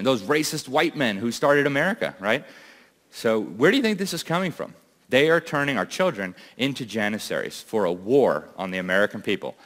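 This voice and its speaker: A man's voice: medium pitch, lively intonation, a little fast, a bit bright. Urgent, emphatic man in a hall. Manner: urgent and emphatic, with rhetorical questions. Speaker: conference speaker. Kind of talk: impassioned speech to a live audience. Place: large event hall.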